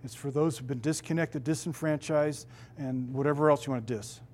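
A middle-aged man, a pastor, preaching a sermon with emphatic, drawn-out stresses on key words. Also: medium pitch, fairly even intonation, darkish tone, a little hiss or hum.

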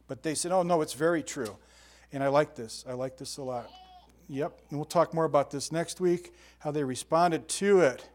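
Older male pastor, chatty animated sermon, voice sits a bit high. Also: normal speed. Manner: animated storytelling with sound effects and asides.

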